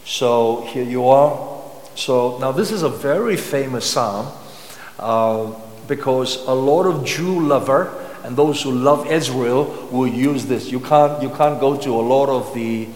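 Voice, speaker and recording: A man preaching a sermon, reading Bible verses slowly and breaking off to explain them with asides and rhetorical questions. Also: mid-range voice, a little mellow. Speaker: pastor. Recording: echoey hall.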